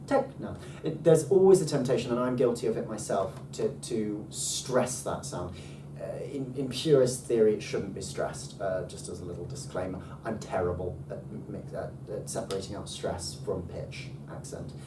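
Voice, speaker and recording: A man teaching a casual language lesson with enthusiasm, often pausing on ums and restarting his sentences. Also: lowish voice. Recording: roomy, distant mic, faint background noise.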